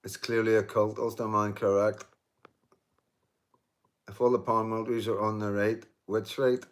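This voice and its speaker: Man, 50s, low-ish voice, casual live-stream host; emphatic, repetitive, salty with commenters. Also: little pitch movement, moderate pace. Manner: emphatic, repeats himself, many restarts and "you know"; swears and jokes with commenters. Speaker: livestream host reading viewer comments.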